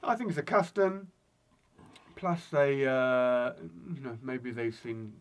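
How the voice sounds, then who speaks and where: A man's voice: medium pitch, takes it slowly. A man co-hosting a casual podcast, a language teacher who explains at length and makes dry jokes. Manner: dry joking, rambling explanations. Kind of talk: casual chat.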